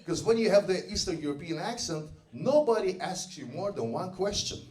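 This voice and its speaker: A man with a light Russian accent performing a stand-up comedy set on a club stage, with a dry, deadpan delivery. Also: high-pitched, moderate pace, a little hiss or hum. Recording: roomy club sound from a distance with crowd ambience.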